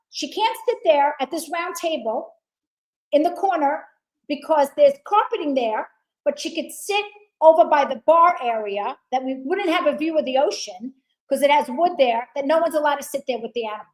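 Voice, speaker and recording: On a low-quality recording, a woman guest with a high-pitched voice recounts a story at a moderate pace during a relaxed conversation. She performs everyone else's dialogue with animation and doesn't hold back on the profanity.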